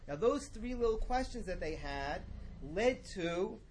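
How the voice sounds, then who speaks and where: A man's voice: high-pitched, lively intonation, measured pace, a little mellow, slight background noise. A middle-aged man giving a religious lesson in a conversational, digressive and emphatic way. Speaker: religious teacher. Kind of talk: lecture-style lesson.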